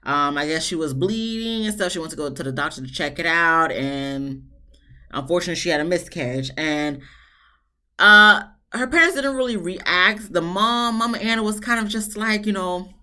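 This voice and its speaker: A woman, recapping a reality show episode in a casual, animated way and acting out the quotes. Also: on the low side, moderate pace. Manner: chatty, animated retelling with voiced quotes. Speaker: TV show reviewer.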